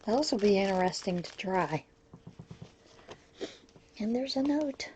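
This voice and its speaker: A woman's voice: medium pitch, expressive, takes it slowly, a little mellow, a little hiss or hum. A woman vlogger chatting casually as she unboxes a parcel of crafting gifts, gushing over each item.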